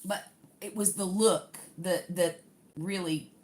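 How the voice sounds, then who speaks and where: A woman's voice: on the low side, steady tone, takes it slowly, darkish tone. An older woman, chatting casually to livestream viewers while unboxing a craft kit.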